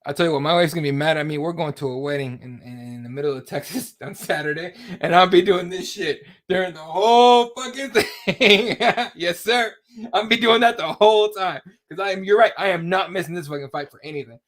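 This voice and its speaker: A man's voice: high-pitched, fairly quick, fairly bright tone. A man hosting a combat sports podcast, reading out viewer comments in a crude, blunt way. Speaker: podcast host. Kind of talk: casual chat.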